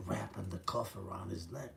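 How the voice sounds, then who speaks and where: A man's voice: sits low, steady tone, moderate pace, vocal fry, fairly bright tone, a little hiss or hum. A man in his fifties from the Chicago area, telling his own prison story in a blunt, profane, street-talk way. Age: 50s. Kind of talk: casual storytelling.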